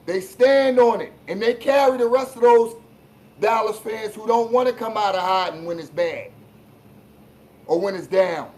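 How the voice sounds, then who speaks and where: Blunt, profane sports-rant host. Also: male voice, normal speed, rough recording. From Philadelphia. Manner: blunt, profane, swings between low asides and shouted emphasis. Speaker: sports talk show host. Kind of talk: live-stream sports rant.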